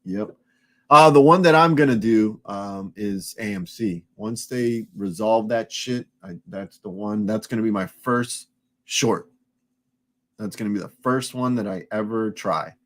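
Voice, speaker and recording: A man with a fairly low voice chats loosely on a live stream. He curses freely and rambles, often breaking off and restarting his sentences. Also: a little slow, fairly bright tone. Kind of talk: casual live-stream chat.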